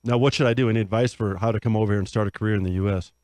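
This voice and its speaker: A man's voice: on the low side, steady tone, racing, darkish tone, no echo. A man hosting a comedic advice panel, joking and reading listener letters aloud in a raised, upbeat voice.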